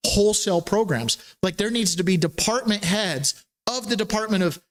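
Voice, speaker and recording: Guy hosting a political chat podcast, kinda high voice, rambles and laughs a lot. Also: expressive, moderate pace. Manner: chatty, rambling, laughs between points. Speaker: podcast host. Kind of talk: casual political talk.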